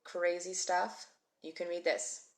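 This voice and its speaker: A woman's voice: fairly low pitch, little pitch movement, slow pace. A woman teaching a live-streamed Hebrew reading class, chatty and encouraging as she calls out viewers by name. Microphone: phone mic.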